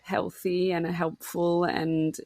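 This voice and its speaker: A woman hosting a podcast who listens closely and answers with warm, quick affirmations. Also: fairly low pitch, flat delivery, no echo. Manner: warmly affirming, quick interjections. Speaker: podcast host. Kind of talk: supportive interview chat.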